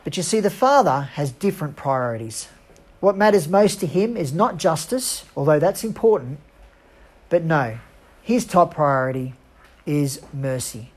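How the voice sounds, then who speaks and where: A woman preaching a sermon, earnest and emphatic, leaning on slow dramatic pauses. Her voice sits low and has a husky grain to it. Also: lively intonation, darkish tone.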